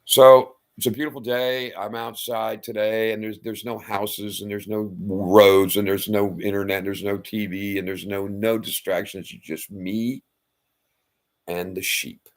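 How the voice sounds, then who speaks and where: Gravelly man telling a lively story. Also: fairly low pitch, measured pace. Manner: animated, loud sound-effect outbursts and blunt profanity. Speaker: self-styled faith speaker. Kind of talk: casual retelling of a Bible story.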